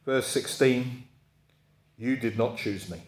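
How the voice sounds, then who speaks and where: Preacher, echoey room. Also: male voice, mid-range voice, slow pace. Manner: conversational, checks in with the congregation. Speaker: pastor. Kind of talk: sermon.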